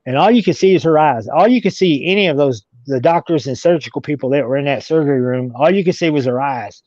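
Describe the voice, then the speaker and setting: A man's voice: fairly high pitch, fast, darkish tone, no echo. A man telling a long story as an interview guest, rambling with many restarts. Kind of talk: casual storytelling. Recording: dull lo-fi recording.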